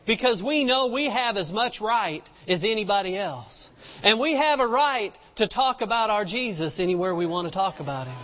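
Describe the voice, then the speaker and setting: A man's voice: sits high, lively intonation, moderate pace, fairly bright tone. A man preaching a sermon in a folksy storytelling way, acting out the people in the story as he goes. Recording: dull lo-fi sound with long reverb.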